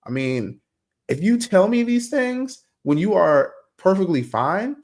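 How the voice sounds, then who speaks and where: A young man hosting a podcast, talking casually and telling stories in a slangy, animated way. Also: sits high, measured pace. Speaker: podcast host. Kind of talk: casual monologue.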